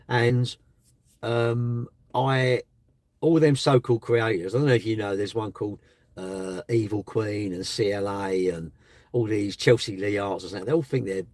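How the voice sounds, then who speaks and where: A man's voice: mid-range voice, darkish tone, dry recording. A man hosting a live stream, chatting bluntly and casually with his viewers. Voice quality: blunt, chatty, slangy delivery.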